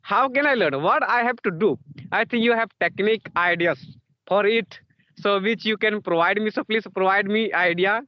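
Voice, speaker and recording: A man's voice: high-pitched, moderate pace, no echo, dull audio. A man interviewing in casual conversation practice, repeating himself and filling gaps with "you know" and "yes, yes".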